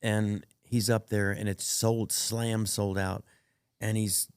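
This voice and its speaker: Comedian guest, man, low gravelly voice, rambling anecdotes with lots of restarts, dry close mic. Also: flat delivery, takes it slowly, no room sound. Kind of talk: casual storytelling interview.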